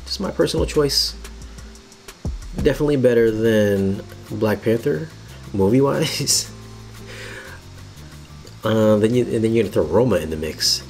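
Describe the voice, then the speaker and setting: A man's voice: lowish voice, lively intonation, a little slow, long pauses, soft background music. A man reviewing movies on a live stream, talking casually and giving blunt opinions with frequent restarts. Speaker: film and home theater reviewer.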